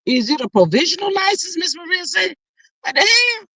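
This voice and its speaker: A high-voiced woman hosts a casual live stream and reacts to viewer comments. She sounds sassy and animated, and she keeps calling her viewers "child" and "honey." Her pitch swings widely, and the sound is close and dry. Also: moderate pace, no echo. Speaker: livestream host reading chat.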